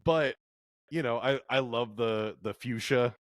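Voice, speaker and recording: A man on a movie podcast, giving his take in a thoughtful, halting way with many fillers. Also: mid-range voice, no echo, clean studio sound. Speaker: podcast co-host. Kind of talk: casual movie review chat.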